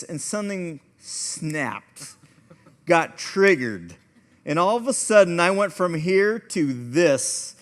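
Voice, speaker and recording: Man, fairly high voice, pastor teaching a class; chatty storyteller, mocks himself, echoey hall. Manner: conversational, storytelling, self-deprecating. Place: church hall.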